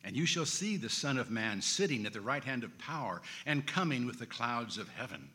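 A preacher reading Jesus, calm and solemn. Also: male voice, medium pitch, normal speed, voice pushed down. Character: Jesus, calm man under trial.

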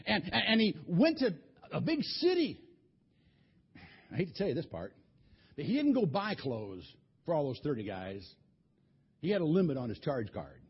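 Husky, animated man retelling a Bible story. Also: a little high, normal speed, long pauses. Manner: folksy, colloquial, lots of restarts. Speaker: preacher. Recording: dull lo-fi recording.

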